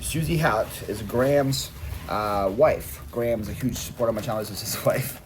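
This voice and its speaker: A man's voice: fairly low pitch, normal speed, background noise. A man talking casually to his viewers in a vlog while packing orders, chatty and full of fillers and repeated words. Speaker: online reseller vlogger.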